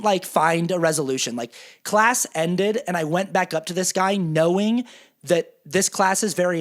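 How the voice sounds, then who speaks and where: A man telling a personal story in a casual monologue, self-deprecating and animated, acting out both sides of an argument. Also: fairly high pitch. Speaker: podcast host.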